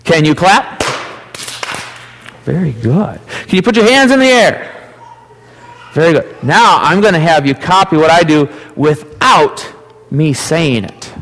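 A man with an Upper Midwest American accent, leading a children's message in church and gently asking the kids playful questions. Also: fairly high pitch, lively intonation, a little slow, long pauses, a little hiss or hum. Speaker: pastor giving a children's message. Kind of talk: children's sermon. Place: church sanctuary. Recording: long church hall reverb.

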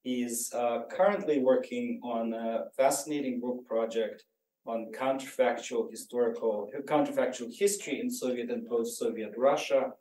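A man introducing a guest speaker in a formal, halting way, with many "uh" fillers. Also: mid-range voice, mellow. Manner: many "uh" fillers, slow deliberate delivery. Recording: roomy lecture hall, distant mic.

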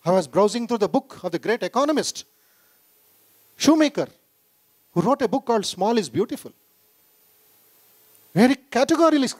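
A high-pitched man with an Indian English accent addresses a gathering in a hall. He tells stories with emphasis, repeating key phrases and voicing the people he quotes. The delivery is that of a spiritual speaker lecturing a corporate audience. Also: a little mellow. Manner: storytelling, repetitive and emphatic, acts out quoted voices. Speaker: monk giving a talk. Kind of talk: public speech to a corporate gathering. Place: conference hall.

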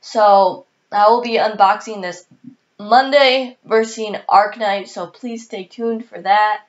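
A woman vlogger chatting casually and excitedly, with the hiccups, filling pauses with lots of ums and sos. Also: medium pitch, dull audio. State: has the hiccups. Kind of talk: casual haul video chat.

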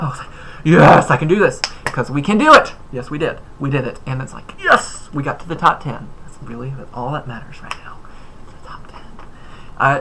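A man narrates his own game session in a bright, crisp voice at an ordinary middle pitch. He rambles excitably, tossing in whoops and silly asides. There is faint noise behind him. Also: rough recording. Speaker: gaming YouTuber. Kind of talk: let's-play commentary.

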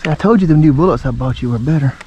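Folksy man, slightly high voice. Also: rapid-fire, dull audio, slight background noise. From Alabama. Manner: folksy, excitable, chuckling. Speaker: duck hunter and channel host. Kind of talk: outdoor hunting vlog narration. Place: outdoors in a windy marsh duck blind. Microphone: handheld camera mic.

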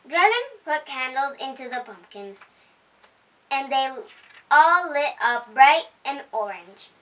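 A high, bright female voice reads a children's picture book aloud at home, its pitch rising and falling with the story. She keeps a slow, cheerful pace. The mic sits some way off. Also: expressive. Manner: cheerful, unhurried read-aloud. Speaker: storytime host. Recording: voice heard from a distance.

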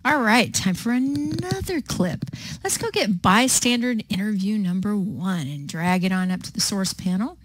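A woman teaching video editing in a patient, step-by-step way, with frequent pauses and ums. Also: mid-range voice, animated, dry recording. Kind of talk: screen-recorded software tutorial.

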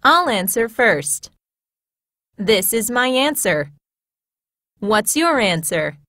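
A woman reading classroom English phrases in a clear, measured, teacher-like way, as scripted studio narration. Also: mid-range voice, big pitch swings, a bit bright, dry recording.

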